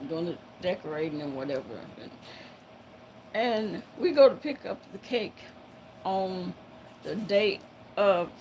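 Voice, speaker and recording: Slow-talking laughing woman. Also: medium pitch, darkish tone, a little hiss or hum, low-quality recording. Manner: laughs often, halting with many fillers. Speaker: storyteller. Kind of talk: casual storytelling to viewers.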